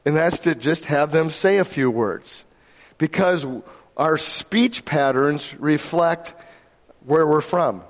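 A man's voice: a little high, slow. A man from Michigan preaching a sermon to a congregation in a conversational, joking way, often asking his listeners questions. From Michigan, USA. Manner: conversational, jokey, asks the audience questions. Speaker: pastor. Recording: long reverb of a large hall.

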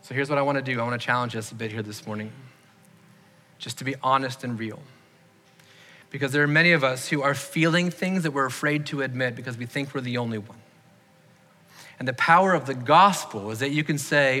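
A man's voice: mid-range voice, a little fast, sharp tone. A man preaching a sermon as pastor, earnestly asking the congregation to raise their hands. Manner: earnest, leads the congregation in raised-hand questions. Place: church sanctuary. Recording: long hall reverb.

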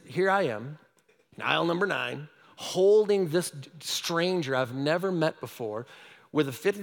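Man, pastor, storytelling sermon, high voice, animated, loud and quiet swings, long hall reverb.

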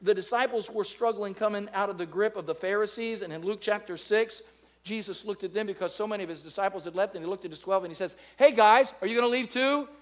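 A man preaching a sermon to a live congregation, swinging between loud, drawn-out preaching and soft, close talk, and leading the room in call-and-response. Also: high-pitched, steady tone. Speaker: pastor. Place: church in front of a live congregation.

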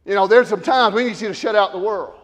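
A man preaching in a church sanctuary, his voice sitting high for a man. He swings from loud, shouted emphasis down to low, quiet asides. A long reverb from the hall trails after his words. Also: fast. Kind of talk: sermon.

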